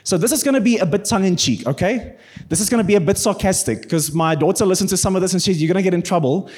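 A male pastor preaches with earnest emphasis and bursts of playful humour. His voice sits high and carries a husky, slightly breathy texture. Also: lively intonation, fast, a little mellow. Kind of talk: sermon.

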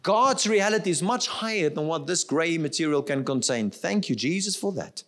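A man's voice: on the high side, expressive, moderate pace, a bit bright. A middle-aged male pastor preaching a sermon in an earnest, conversational way, checking in with his listeners as he goes.

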